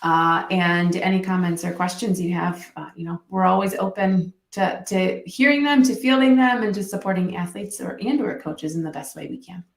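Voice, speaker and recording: A woman who works as a mental performance coach, a podcast guest telling stories in a lively way and acting out what people said. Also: on the low side, normal speed, hardly any pauses, echoey room. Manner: animated storytelling, acts out quotes. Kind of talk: podcast interview guest, casual chat.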